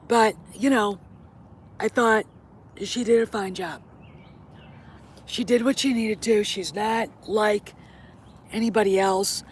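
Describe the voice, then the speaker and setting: A middle-aged woman talks straight to her audience in a casual vlog, blunt and opinionated, with swearing scattered through her talk. Her voice sits in a middle range. A faint hiss of background noise runs under the recording. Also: medium pitch. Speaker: host.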